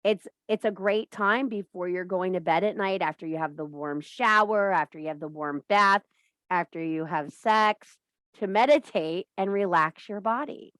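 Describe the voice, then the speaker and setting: Speaking at a normal speed in a lowish, somewhat bright voice with no echo, the host of a witchcraft and wellness group leads a relaxed spiritual coaching talk. She cracks bawdy jokes, laughs at them herself, and curses freely.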